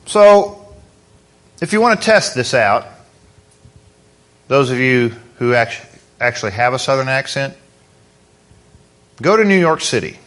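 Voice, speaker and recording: A man's voice: medium pitch, expressive, unhurried, long pauses, a bit bright. A man preaching a sermon as pastor, in a conversational way, asking the congregation questions.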